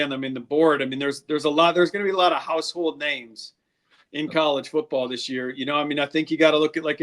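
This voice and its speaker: Guy on a football podcast, a bit high voice, rambly and candid, lots of restarts. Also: fairly bright tone. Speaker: draft scout, guest. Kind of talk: casual interview talk.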